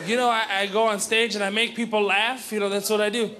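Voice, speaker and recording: A male stand-up comedian who grew up in Houston, joking loudly and with lots of energy on stage. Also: high-pitched, fast talker. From grew up in Houston, Texas. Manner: animated, loud, joking. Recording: live club with crowd and noise.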